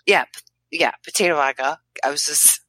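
A young woman in casual podcast chat, telling a story with quick acted quotes. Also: low-pitched, crowd noise, poor audio.

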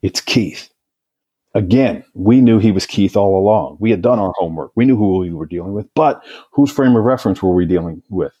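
Speaking brisk and animated with few pauses, a man recalls one of his cases as a hostage negotiator during an interview, vivid yet repeatedly starting over. His low voice sounds mellow and husky, and the recording's high frequencies are cut off.

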